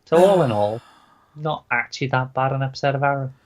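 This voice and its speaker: A man's voice: mid-range voice, fairly quick. A man co-hosting a casual TV review chat, tossing in dry, sarcastic asides. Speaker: podcast co-host reviewing TV.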